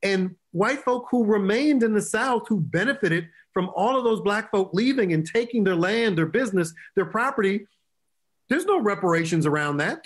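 A man in his fifties, a guest on a talk show, speaking in an earnest, emphatic way. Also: sits high. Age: 50s. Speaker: guest, state representative.

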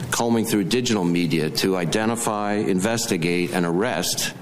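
A man reading prepared testimony at a hearing, in a measured, formal way. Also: low voice, a little hiss or hum, close to an everyday voice.

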